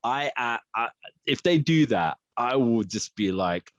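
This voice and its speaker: A man's voice: mid-range voice, expressive, measured pace, no room sound, highs cut off. A man co-hosting a casual film podcast, rambling with lots of fillers and frequent laughs. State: frog in his throat. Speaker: podcast co-host. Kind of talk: casual chat.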